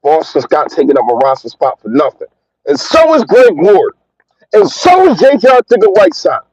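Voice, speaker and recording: A man's voice: high voice, wildly swooping pitch, moderate pace, a little mellow, dry recording, low-quality recording. A man hosting a fan livestream, ranting in a heated, emphatic way and repeating his points. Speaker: fan channel host.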